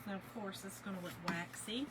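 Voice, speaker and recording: A woman's voice: medium pitch, a little fast, very noisy. A woman from Kentucky hosting a casual craft live stream, chatting to viewers by name as she works. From Kentucky, USA. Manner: chatty, talks to viewers by name and says y'all.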